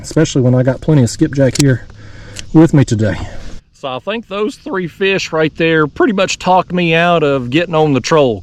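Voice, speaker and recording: A man, hosting a fishing vlog from a kayak outdoors, talking in a folksy, excitable way and laughing often. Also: medium pitch, recorded from a distance. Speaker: fishing channel host.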